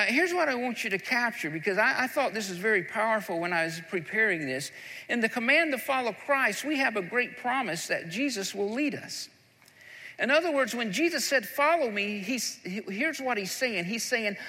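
A man's voice: high voice, lively intonation, moderate pace, pushed and bright. A man preaching a sermon, building to fervent, emphatic delivery. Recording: long hall reverb.

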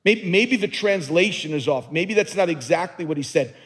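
Husky high-voiced preaching man, reverberant hall. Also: animated, moderate pace, fairly bright tone. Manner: earnest, emphatic preaching with repeated words and restarts. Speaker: pastor. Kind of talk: sermon. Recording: long reverb in a large hall.

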